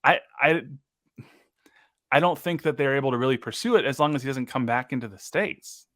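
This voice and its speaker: A young man co-hosting a casual sports podcast, recapping soccer matches play by play with quick asides. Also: mid-range voice, fairly bright tone, no echo, clean studio sound. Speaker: co-host.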